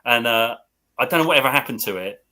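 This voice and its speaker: A man's voice: medium pitch, animated, quick pace, pushed and bright. A middle-aged man hosting a casual chat about records. He laughs often as he talks. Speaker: host. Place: home room. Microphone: webcam or computer mic.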